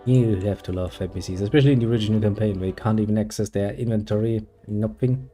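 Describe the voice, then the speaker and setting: A man's voice: on the low side, quick pace, warm tone, soft background music. Sarcastic German man rambling over gameplay. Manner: sarcastic, rambling, frequent swearing. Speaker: gaming streamer. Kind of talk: casual gameplay commentary.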